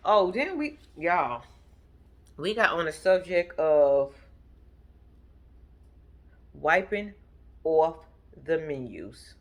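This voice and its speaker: Profane, animated woman vlogger. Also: low-pitched, extremely slow, long pauses, dull audio. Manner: profane, animated, talks straight to viewers as y'all; laughs between her own stories. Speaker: vlog host recapping a TV episode. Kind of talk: casual storytelling commentary.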